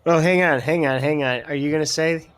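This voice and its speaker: A man co-hosting a podcast who cuts in, corrects others and makes quick counterpoints. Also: fairly high pitch. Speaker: podcast co-host. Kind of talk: casual chat.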